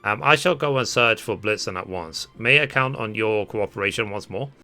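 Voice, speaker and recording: A man's voice: fairly low pitch, normal speed, sharp tone, faint music behind. Man reading as flustered formal scholar. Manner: formal, old-fashioned wording read aloud. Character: earnest fussy male scholar, easily flustered.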